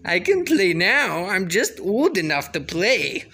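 Dad putting on a baby boy voice, high, playful, boastful. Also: big pitch swings, takes it slowly, bright, forceful tone, heavily acted. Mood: eager.

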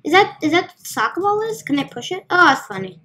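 A woman's voice: very high-pitched, sing-song, fast, sharp tone. A woman giving casual, playful commentary as she plays a video game, talking to herself as she goes. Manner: chatty, playful, talks to herself while playing. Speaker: gaming video host.

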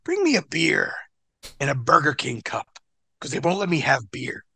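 A man putting on the slow, unflappable drawl of a man who stays calm after an injury. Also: a little high, vocal fry, slightly rough, no room sound, exaggerated voice. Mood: unruffled.

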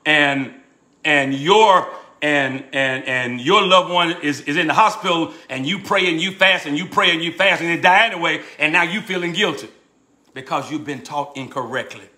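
An older man, a pastor teaching a Bible study in a folksy style, repeating words and laughing as he goes between emphatic preaching and quiet asides. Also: fairly high pitch, moderate pace. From Southern United States. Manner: rises into emphatic preaching, then drops to asides.

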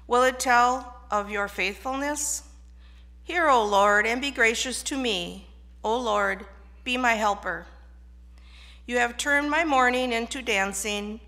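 A woman serving as lay reader, reading a psalm aloud in a measured, deliberate way during a church service. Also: on the high side, pushed and bright. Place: church sanctuary.

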